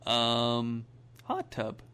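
Male co-host, relaxed and sweary, easy laughter, mid pitch. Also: very slow, clear, resonant tone. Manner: laid-back, sweary, laughs easily. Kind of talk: casual chat.

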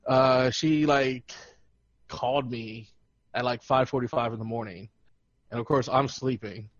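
A man's voice: mid-range voice, fairly even intonation, a little slow, dry recording, dull audio. A young man co-hosting a podcast, rambling loosely with laughs and swearing. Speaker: podcast co-host. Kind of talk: casual chat.

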